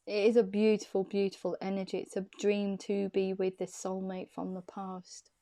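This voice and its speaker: A woman's voice: medium pitch, normal speed, hardly any pauses, dark tone. A woman doing an intuitive tarot reading to camera, chatty and reassuring, who repeats phrases for emphasis. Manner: soothing, reassuring encouragement. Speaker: tarot card reader.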